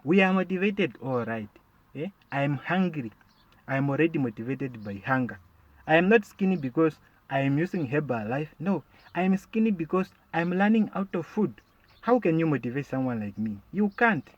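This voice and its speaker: A man's voice: on the high side, animated, moderate pace, dry recording, highs cut off. Sarcastic man doing comic monologue. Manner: sarcastic, addresses listeners directly with "my friend" and "yeah?". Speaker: comedian.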